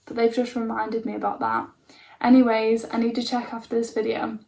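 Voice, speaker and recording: Young woman rambling thru her story, lots of likes and ums, kinda high voice but flat and creaky. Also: brisk. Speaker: vlogger telling her own story. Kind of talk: casual storytelling to camera.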